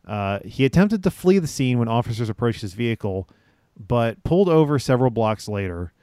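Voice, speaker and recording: A man of middle pitch reads a news story aloud on a comedy podcast, keeping it deadpan and dropping in "uh"s as he goes. The sound is close and dry. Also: brisk, no echo. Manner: deadpan, with filler "uh"s. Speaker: podcast co-host reading news stories.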